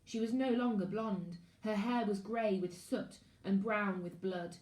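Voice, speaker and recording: A woman, a primary school teacher, reading a children's novel aloud in an expressive storytelling voice. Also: medium pitch, measured pace. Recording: echoey room.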